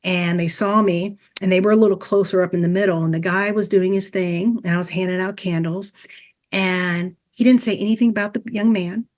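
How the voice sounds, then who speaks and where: An earnest middle-aged woman speaks as a podcast guest and tells a personal story at a mid-range pitch. She retells past conversations as lively dialogue. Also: fairly quick. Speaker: guest, Reiki teacher.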